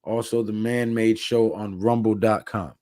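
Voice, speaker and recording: Mellow-voiced tired male stream host. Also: fairly low pitch, fairly even intonation, measured pace, no room sound, clean studio sound. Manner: laid-back, reads chat comments aloud. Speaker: livestream host. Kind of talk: casual live-stream chat.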